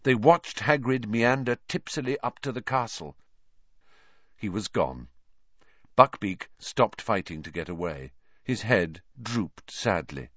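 A man reading a children's novel aloud as narrator, in an expressive, animated storytelling manner. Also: lowish voice, measured pace, dry recording, muffled recording. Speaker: audiobook narrator.

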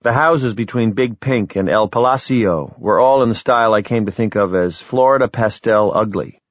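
A man reading an audiobook in steady, wry first-person storytelling. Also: lowish voice, moderate pace, dry recording. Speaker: audiobook narrator. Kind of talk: scripted narration. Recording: slightly dull, lo-fi recording.

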